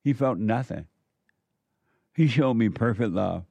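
Gravelly preachy man, dry mic. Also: medium pitch, animated, a little slow, darkish tone, no echo. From southern United States. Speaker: commentary host. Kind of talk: preaching commentary and storytelling.

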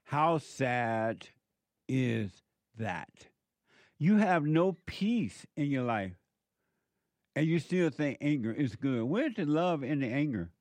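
A man's voice: a little high, lively intonation, a little slow, a little mellow, no room sound. A man delivering a preaching monologue, emphatic and repetitive, full of rhetorical questions.

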